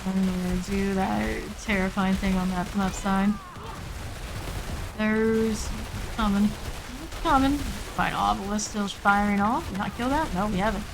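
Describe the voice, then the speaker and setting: Woman gamer streaming, calm steady callouts, mid pitch, rainy hiss behind her. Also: measured pace, creaky. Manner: steady running callouts, calm and matter-of-fact. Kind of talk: live gameplay commentary.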